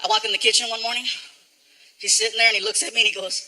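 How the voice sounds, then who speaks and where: A man tells stand-up stories on stage with animated, high-energy delivery and jumps into character voices. His voice sits high and rings very bright. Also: rapid-fire, poor audio. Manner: animated storytelling, many acted voices. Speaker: stand-up comedian. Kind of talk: live stand-up comedy. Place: stage in El Paso.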